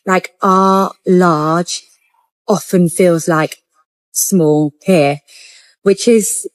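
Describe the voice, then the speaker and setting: A woman's voice: on the low side, steady tone, extremely slow, no room sound. A woman reporter from England with an English accent, chatting through a list to camera in a conversational way.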